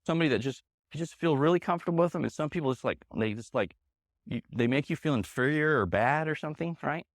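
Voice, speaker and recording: A man's voice: on the high side, animated, fast talker, dry recording, studio quality. A man teaching a live sales seminar to a room of trainees, punchy and emphatic, hammering key points again and again. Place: meeting room with an audience. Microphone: handheld microphone.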